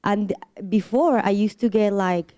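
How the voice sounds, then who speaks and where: A woman who speaks English as a second language, a church member giving a casual personal testimony in a halting way, with many restarts. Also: medium pitch, mellow. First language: not English.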